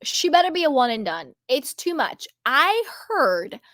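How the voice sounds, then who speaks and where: A woman's voice: sits high, big pitch swings, a little slow, fairly bright tone, no echo, clean studio sound. A young woman hosting casual reality TV commentary, sassy and emphatic, repeating her points for effect. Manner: emphatic, repetitive, sassy and chatty. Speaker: host.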